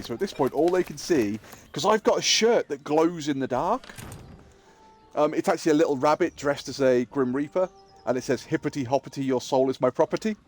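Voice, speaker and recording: A man in middle age spins a funny anecdote while he plays, voicing everyone he quotes and swearing freely. His voice sits a touch high for a man. Faint game music hums underneath. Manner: animated, acts out quoted people, swears freely. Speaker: streamer. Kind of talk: casual storytelling while gaming.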